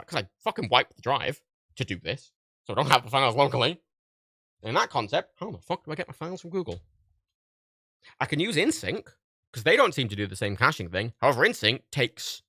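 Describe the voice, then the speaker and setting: Streaming live, a man with a bright, forceful voice on the high side tells a story as a profane, exasperated rant, acting out quoted exchanges in other voices. The studio sound is clean with no echo.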